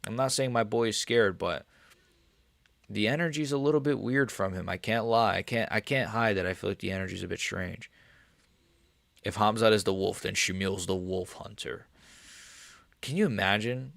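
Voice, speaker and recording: A man with a lowish, gravelly voice chats loosely with his viewers, swearing freely and wandering from thought to thought. The sound is dry and close, with no room around it. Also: normal speed, long pauses, a bit bright, no echo. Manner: profane, rambling, talks straight to chat. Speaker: MMA livestreamer. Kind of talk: casual livestream chat reacting to viewers.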